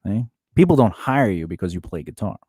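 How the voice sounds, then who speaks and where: Man, co-host, teasing, laughs a lot, very animated pitch, dry close mic. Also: fairly quick, husky, dry recording. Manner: teasing, laughs often, mocking readings. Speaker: podcast co-host. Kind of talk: casual joking chat.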